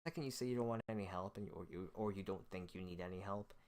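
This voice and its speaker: A man's voice: low-pitched, fast talker, darkish tone. A man hosting a solo show, delivering a hostile, profane, scornful rant. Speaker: host.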